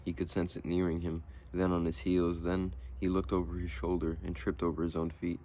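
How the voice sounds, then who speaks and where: Male narrator, low voice, steady audiobook reading of a short story. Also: fairly quick, muffled recording, a little hiss or hum.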